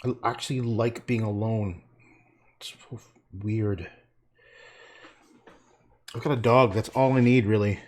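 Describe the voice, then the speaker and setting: A middle-aged man chatting casually and gruffly while he paints on a livestream, swearing and laughing often. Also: lowish voice, darkish tone.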